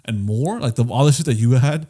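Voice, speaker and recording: A man's voice: medium pitch, fairly quick, mellow. A man co-hosting a podcast in casual chat, teasing and laughing and swearing freely. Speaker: podcast co-host.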